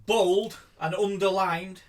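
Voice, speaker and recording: A man's voice: high-pitched, steady tone, takes it slowly, noisy background. A man co-hosting a casual podcast, reading a news story aloud with giggles and dry asides. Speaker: podcast co-host.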